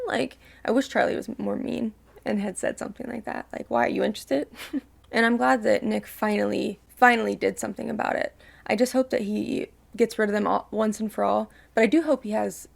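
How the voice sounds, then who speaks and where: Young woman with a gravelly fry. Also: medium pitch. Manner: emotional, ranting, swears freely. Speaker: reaction video host. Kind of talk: casual reaction commentary.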